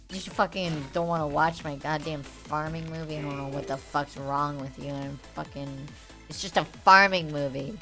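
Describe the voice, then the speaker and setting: A woman's voice: sits low, fairly even intonation, normal speed, bright, forceful tone, faint music behind. A young woman streamer chatting live to her viewers in a heated, profane, rambling way, full of fillers. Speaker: game streamer.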